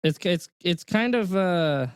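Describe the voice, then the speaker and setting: A man co-hosting a casual podcast, thinking aloud in a relaxed way and repeating words as he goes. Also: sits high, slow pace, clean tone, no room sound. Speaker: podcast co-host.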